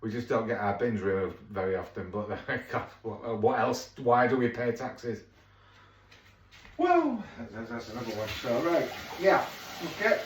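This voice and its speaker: In a very animated but unhurried way, a medium-pitched man with a Yorkshire accent chats casually while cooking at home and rambles into jokes. He is a home cook vlogger from Yorkshire, England, recorded in an echoey kitchen with a far-off mic and plenty of noise.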